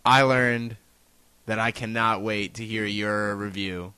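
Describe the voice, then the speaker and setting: Man, podcast co-host, blunt and wry, crude jokes, bright voice. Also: lowish voice, fairly even intonation, slow pace, smooth. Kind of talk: casual podcast chat.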